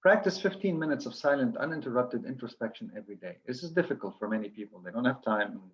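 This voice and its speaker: A man's voice: mid-range voice, expressive, fast, lo-fi sound. A man giving an earnest coaching lecture to physicians, listing steps with frequent restarts.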